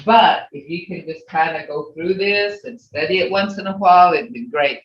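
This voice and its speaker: The recording, from a video call, is muffled, echoey, and distant, with slight background noise. In a medium-pitched voice, a language teacher runs an online lesson, going over key points again and again with slow, patient explanation.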